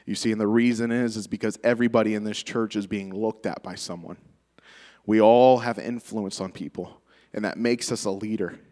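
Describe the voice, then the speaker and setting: A man's voice: lowish voice, steady tone, moderate pace, darkish tone, in a large hall. A man giving a tribute speech to a church congregation, telling personal stories in a conversational way and laughing often. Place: church sanctuary.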